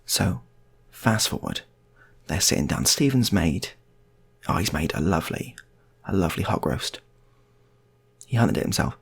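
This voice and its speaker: A man's voice: sits low, lively intonation, unhurried, gravelly, husky. A man telling an improvised comic story, chatty and full of rambling asides.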